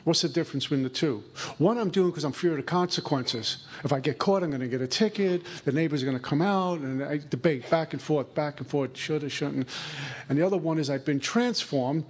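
A man's voice: fairly high pitch, a little fast, husky. Man giving a recovery talk. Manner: conversational, acts out inner dialogue. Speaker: recovery speaker.

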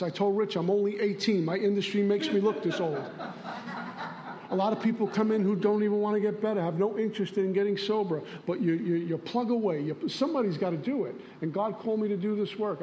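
At a recovery meeting, a man shares plainspoken stories, acting out the dialogue as he goes. His voice is high-pitched yet dark in tone, captured on a lo-fi recording with a little hiss or hum.

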